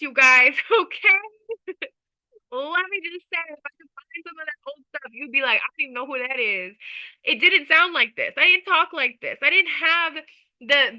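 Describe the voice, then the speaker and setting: A woman giving an energetic motivational talk as a social media coach, emphatic and chatty, checking in with her listeners. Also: high voice, rough recording.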